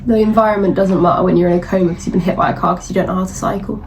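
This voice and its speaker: A woman's voice: fairly low pitch, fairly even intonation, very fast, very noisy. A young woman, co-hosting a podcast, chiming in with dry, blunt remarks and laughs. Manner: dry, agreeing interjections with laughter. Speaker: podcast co-host. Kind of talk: casual chat.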